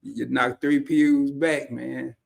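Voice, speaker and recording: Taking it slowly, a Southern-accented man from Arkansas spins laid-back, drawling stories as the host of a livestream. His voice is medium-pitched, steady, and creaky.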